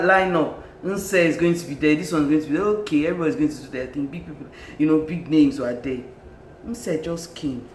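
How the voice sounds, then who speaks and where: A film reviewer with a Nigerian accent, talking in a casual, animated and exclamatory way, often laughing and repeating words for emphasis. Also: medium pitch. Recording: echoey room with faint background noise.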